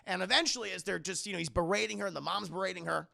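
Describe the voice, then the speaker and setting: A man's voice: sits high, very fast, creaky, pushed and bright. A young man streaming a casual, profane movie recap while talking to his chat.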